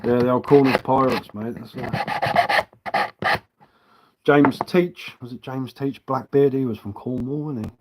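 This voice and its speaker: A man's voice: medium pitch, unhurried, long pauses, darkish tone, slight background noise, poor audio. A man from Sussex with a Sussex accent tinged with London, hosting a live stream and chatting casually in a loose, matey, rambling way. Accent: Sussex English mixed with a London tinge. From Sussex, England. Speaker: livestream host.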